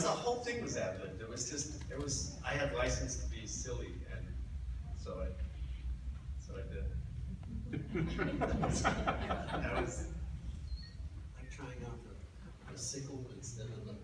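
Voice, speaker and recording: Man telling stories on a convention panel. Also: medium pitch. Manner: animated, laughing, self-amused. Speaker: actor, convention panel guest. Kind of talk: anecdotal storytelling on a panel. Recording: echoey hall, mic from far off, noisy.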